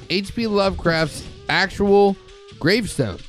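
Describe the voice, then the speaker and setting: Male podcast host, casual and rambling, curses a lot, restarts his sentences, soft music in the background. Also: sits high, slow. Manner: rambling, swears freely, frequent restarts. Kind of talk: casual chat.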